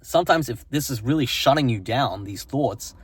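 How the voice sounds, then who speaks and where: A man's voice: mid-range voice, lively intonation, normal speed, breathy edge. A man giving a motivational self-help talk, earnest and repetitive, often tagging his points with "right?". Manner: earnest, repeats phrases and tags lines with "right?".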